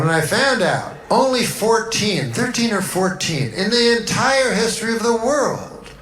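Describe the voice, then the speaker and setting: A man's voice: a little high, fairly bright tone. Dry rambling comedian guy, voice jumps all over, echoey old clip. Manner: dry, meandering storytelling that breaks into laughter. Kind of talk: rambling talk-show anecdotes.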